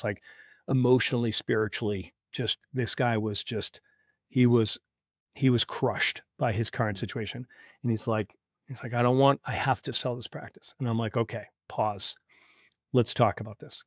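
A man hosting a podcast, telling a client story in a casual, animated way, acting out the quoted dialogue and checking in with "right?" and "you follow me?". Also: mid-range voice, no echo, clean studio sound. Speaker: podcast host and practice exit consultant.

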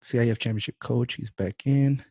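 A young man hosting a podcast over a video call, chatting casually and acting out quotes in a louder voice. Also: mid-range voice, moderate pace, husky, no room sound. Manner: animated, acts out quotes in a raised voice. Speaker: podcast host. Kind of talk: casual interview chat.

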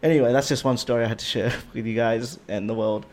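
Animated, swearing Australian man telling stories. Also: mid-range voice, fast. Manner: animated, swears a lot, voice jumps up when indignant. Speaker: podcast co-host. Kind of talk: casual storytelling chat.

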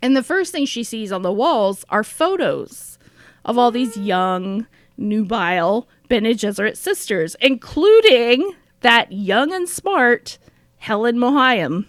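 Lively woman telling a story. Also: a little high, slow, no room sound, clean studio sound. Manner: animated storytelling, laughs often. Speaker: podcast co-host. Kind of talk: casual chat, retelling and reading a diary entry.

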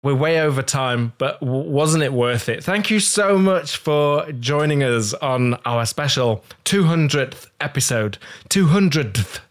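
Playful podcast host man, lively pitch. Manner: playful, teasing, quick to laugh. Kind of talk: casual panel chat.

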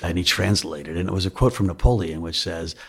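A man with a low, deeply husky voice talks as an interview guest. He tells loose, self-deprecating stories in a candid, conversational way. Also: fairly quick. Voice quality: raspy. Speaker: investor guest.

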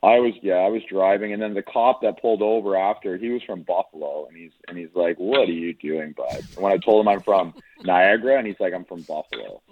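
A man's voice: deep voice, quick pace, hardly any pauses. A laid-back man from Canada, a guest telling a story casually over the phone. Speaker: guest analyst. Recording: tinny phone line.

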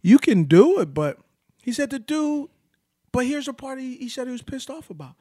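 Animated man telling a story. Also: extremely high pitch, moderate pace, dry recording, clean studio sound. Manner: animated storytelling, acts out quoted voices, many "like" fillers. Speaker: storyteller in casual conversation. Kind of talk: casual chat.

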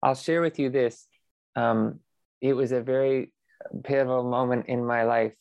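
Gravelly man, reflective guest. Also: mid-range voice, fairly even intonation, moderate pace, a little mellow, dry recording, lo-fi sound. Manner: reflective, earnest, many fillers. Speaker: podcast guest, meditation teacher. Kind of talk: relaxed interview conversation.

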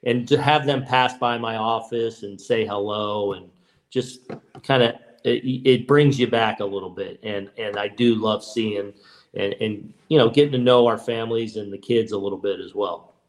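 A man in his fifties, a baseball manager and guest, telling stories in relaxed podcast chat, with frequent restarts. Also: on the low side, normal speed. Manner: relaxed, many restarts and "you know"s. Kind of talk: casual podcast storytelling.

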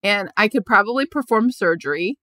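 A woman's voice: mid-range voice, lively intonation, fairly quick, pushed and bright, no echo, studio quality. A young adult woman comedian chatting as a guest on a podcast, laughing often and rambling in a self-mocking way. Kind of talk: casual podcast chat.

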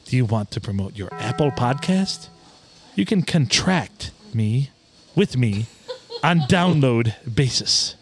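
A man voicing a pushy male spam podcast promoter in a put-on Russian accent, reading slowly in broken English. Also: expressive, faint music behind. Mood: pushy salesy. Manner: broken English, slow, salesy pitch.

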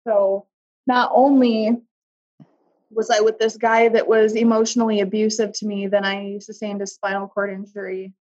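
A woman as an interview guest, telling a personal story in a candid, emotional way, often halting and searching for words. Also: mid-range voice, level tone, darkish tone. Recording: dull lo-fi audio.

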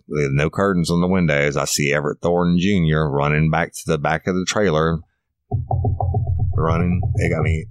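A middle-aged former police officer tells a story in a blunt, folksy, cussing way. His voice sits extremely low. The sound is dry and close, with no room around it. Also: no echo. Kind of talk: true crime storytelling podcast.

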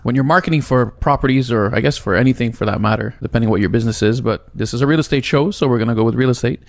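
A man's voice: mid-range voice, racing, gravelly, no room sound. A man co-hosting a real estate podcast, talking bluntly and cracking jokes. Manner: blunt, wisecracking. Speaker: podcast co-host. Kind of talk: casual chat.

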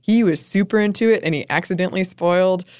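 A woman co-hosts a casual podcast, chatting loosely with plenty of laughs and fillers. Her voice sits a little low. The sound is dry and close, with no room around it. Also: quick pace, a little mellow, dry recording. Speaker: podcast co-host. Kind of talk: casual chat.

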